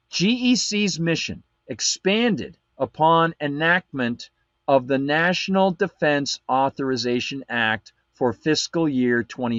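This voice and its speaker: A man hosts a live political commentary show, reading documents aloud and breaking off for sarcastic asides. His medium-pitched voice is fairly bright, and the recording is muffled but without echo.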